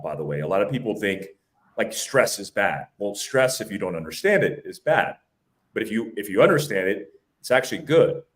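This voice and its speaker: A man in his forties from the United States, a former special forces soldier and podcast guest, explaining his ideas in a measured, direct way. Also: fairly low pitch. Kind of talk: podcast interview answers.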